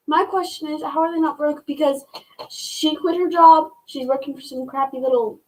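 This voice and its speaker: A young woman co-hosting a casual live TV review chat, chatty and quick to joke. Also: sits high, fairly even intonation, a little mellow, recorded from a distance, slight background noise, low-quality recording. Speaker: co-host.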